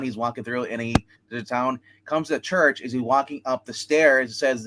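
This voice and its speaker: A man's voice: medium pitch, a little fast, few pauses, a bit bright, a little hiss or hum. Rambling man retelling movie scenes. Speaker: movie review show co-host. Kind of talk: casual film review chat.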